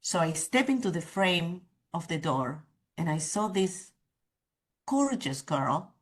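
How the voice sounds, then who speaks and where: Low-voiced woman telling her story candidly. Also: very animated, takes it slowly. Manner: candid and vivid, with frank asides. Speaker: guest, author and coach. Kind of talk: personal storytelling in an interview.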